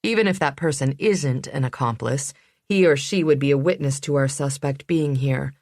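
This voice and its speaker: A woman narrating a suspense audiobook in a measured, even reading. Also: a bass voice, dry recording, clean studio sound. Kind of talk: scripted narration.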